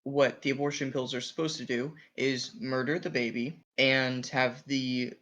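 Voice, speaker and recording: Measured male podcast co-host. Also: mid-range voice, fairly even intonation, a bit bright, muffled recording. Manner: measured, recounting a news story step by step. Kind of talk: political commentary chat.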